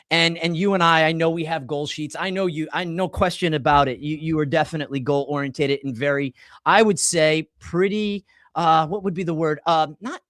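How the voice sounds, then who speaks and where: A man's voice: a little high, no room sound, clean studio sound. Chatty man in his forties hosting. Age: 40s. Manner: animated storyteller, rambling with restarts. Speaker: podcast host. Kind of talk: casual chat.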